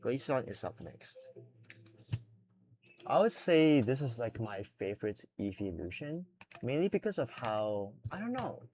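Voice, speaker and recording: A man's voice: medium pitch, sing-song, measured pace, darkish tone, slight background noise. A young man chatting casually while he draws, rambling with lots of fillers and swearing, a little self-conscious. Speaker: drawing vlogger. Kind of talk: casual unscripted talk while drawing.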